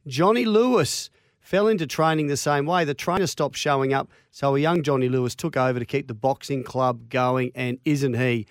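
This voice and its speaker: An Australian man co-hosting a sports radio show, chatting in a relaxed way and reading out listener texts. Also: mid-range voice, no room sound, clean studio sound. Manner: relaxed, quick interjections, reads listener texts. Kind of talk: casual sports radio chat. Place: radio studio. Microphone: studio microphone.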